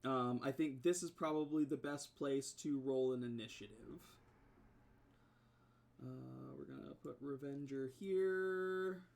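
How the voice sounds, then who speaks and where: A man's voice: mid-range voice, measured pace, a little mellow. A man narrating as game master of a tabletop game, describing scenes in a rambling way full of fillers.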